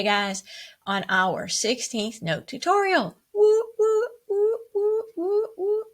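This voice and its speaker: Upbeat music teacher woman, slow and bright. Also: mid-range voice. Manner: upbeat, encouraging, counts rhythms aloud. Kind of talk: online music lesson for children.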